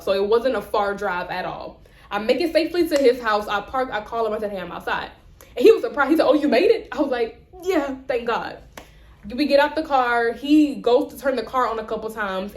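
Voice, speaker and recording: Animated young woman telling a story. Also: a little high, reverberant. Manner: animated, acts out both sides of conversations. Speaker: vlogger. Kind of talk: storytelling rant.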